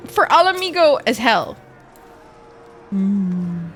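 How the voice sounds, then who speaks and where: A woman streaming a game, chatting casually with viewers, excitable and swearing a lot. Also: mid-range voice, takes it slowly, a little hiss or hum. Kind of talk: casual live-stream chat. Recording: faint music behind.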